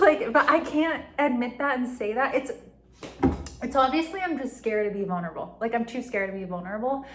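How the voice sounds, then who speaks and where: A woman's voice: a little high, fairly quick. Rambling young woman, echoey room. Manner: rambling, heavy use of "like", frequent giggles. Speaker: vlogger. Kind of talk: casual confessional monologue. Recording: echoey room with faint ambient noise.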